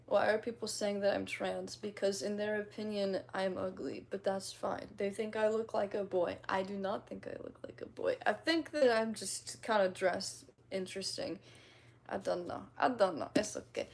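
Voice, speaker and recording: A woman's voice: medium pitch, steady tone, normal speed, gravelly. A woman in her twenties chatting casually on a livestream, reading out comments in a rambling, self-mocking way and laughing often. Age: 20s.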